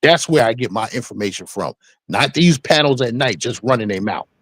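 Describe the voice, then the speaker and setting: A man's voice: mid-range voice, lively intonation, a little fast, fairly bright tone, no echo. A man on an online panel who speaks assertively and addresses the chat directly.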